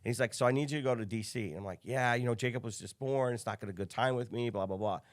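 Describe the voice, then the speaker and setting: His mid-range voice races along as he spins stories on a casual podcast. The guest is a thirty-something business coach from the Chicago area who animatedly acts out every bit of quoted dialogue.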